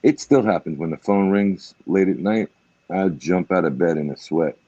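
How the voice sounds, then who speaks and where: A man's voice: low voice, expressive, moderate pace, warm tone, dry recording, muffled recording. A middle-aged man speaking as a guest in a candid, emotional conversation, blunt and swearing freely with lots of "you know.". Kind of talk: emotional casual talk.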